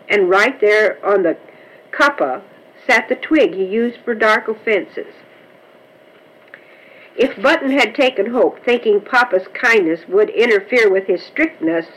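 A woman reading a children's story aloud in a gentle, measured way. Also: medium pitch, low-quality recording. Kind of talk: storybook narration.

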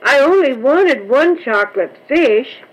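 A woman's voice: high voice, animated, measured pace, voice pushed up, rough recording. A woman voicing a tearful little girl under ten who pleads with her father. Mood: pleading. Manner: pleading, sobbing.

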